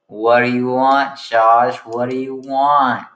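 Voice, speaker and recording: A man puts on a grumpy rat girl who brushes people off with short, curt lines, in a slow, unhurried voice with a bright, forceful edge. It sounds like an improvised fan story told into a mic. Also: medium pitch, little pitch movement, roomy sound, distant mic. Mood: annoyed. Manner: curt, dismissive.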